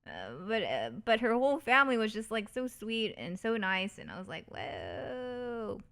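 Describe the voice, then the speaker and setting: A woman's voice: fairly quick, clear, resonant tone. A young woman streamer telling a story in a casual, bubbly way, full of fillers and restarts. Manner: animated, putting on high eager voices when quoting people.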